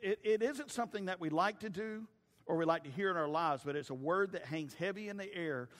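A man's voice: high voice, fairly quick, fairly bright tone. A man preaching a sermon, telling folksy family stories with stumbling restarts. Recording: long reverb of a large hall.

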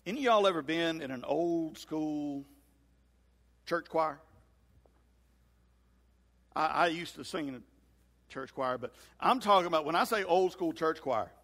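A male pastor preaching a sermon in a church sanctuary, acting out scripture dialogue with lively swings in voice. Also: on the high side, moderate pace, long pauses. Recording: long hall reverb.

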